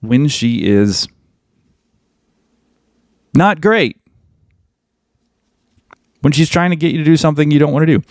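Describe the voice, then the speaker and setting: Blunt, gravelly-voiced man giving advice. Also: mid-range voice, expressive, moderate pace, pauses often, darkish tone, dry recording, studio quality. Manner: blunt, emphatic, repeats points. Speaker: podcast host. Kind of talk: advice monologue.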